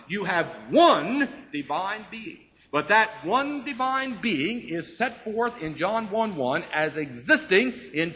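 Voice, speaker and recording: Animated high-voiced man preaching a sermon. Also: highs cut off. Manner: emphatic, slows down to stress key phrases; asks rhetorical questions and answers them. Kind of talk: expository Bible teaching.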